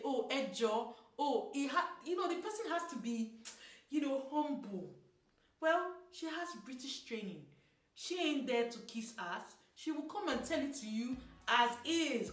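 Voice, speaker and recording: Sassy Nigerian woman vlogging. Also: sits high. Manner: sassy, animated, mixing in Pidgin. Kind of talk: opinion commentary to camera. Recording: roomy echo, mic at a distance, soft music.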